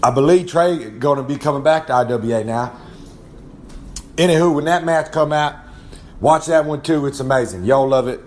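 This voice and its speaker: A man's voice: mid-range voice, normal speed, darkish tone, slight background noise. Folksy Southern man rambling about his day. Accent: Southern American. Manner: folksy drawl, refers to himself in the third person. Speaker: wrestler giving a podcast segment. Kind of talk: casual rambling monologue. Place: his trailer at home.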